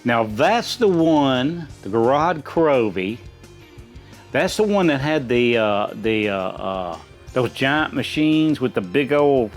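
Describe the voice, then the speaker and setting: Middle-aged dad, folksy and rambling, casual chat with faint music underneath. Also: male voice, medium pitch. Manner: rambling and folksy, many restarts. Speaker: quiz contestant.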